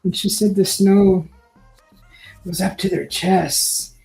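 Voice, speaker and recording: Mellow-voiced woman telling a rambling story. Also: medium pitch, fairly even intonation, creaky, faint music behind, rough recording. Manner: rambling, halting, with frequent restarts and fillers. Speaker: painting host. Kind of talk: casual storytelling while painting.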